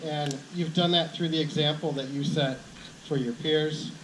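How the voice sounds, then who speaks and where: A man teacher giving earnest graduation advice, halting and restarting as he speaks. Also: a little high, steady tone. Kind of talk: graduation speech. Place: outdoor ceremony with crowd. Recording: echoey outdoor sound with background noise.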